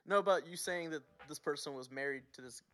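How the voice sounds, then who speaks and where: A man's voice: a little high, fast, a bit bright. A man co-hosting a podcast, telling personal stories in casual chat, candid and swearing freely. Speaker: podcast co-host.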